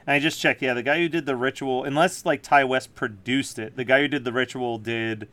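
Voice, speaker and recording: A man co-hosting a podcast in casual chat, animated and quick to laugh. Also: mid-range voice, dry recording. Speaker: podcast co-host.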